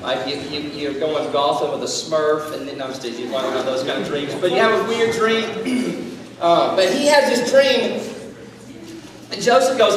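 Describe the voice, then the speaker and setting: A man's voice: fairly high pitch, a little fast. A man preaching to a youth group, retelling a story in a joking, slangy way and acting out its people. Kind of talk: casual youth sermon. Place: large echoey hall. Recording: echoey hall from far off.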